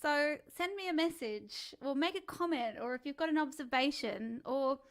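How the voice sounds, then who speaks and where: A woman's voice: high voice, normal speed. A woman, teaching a live-streamed singing lesson in a chatty, encouraging way and demonstrating vocal sounds. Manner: chatty and encouraging, demonstrates sighs, whimpers and calls. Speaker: singing coach.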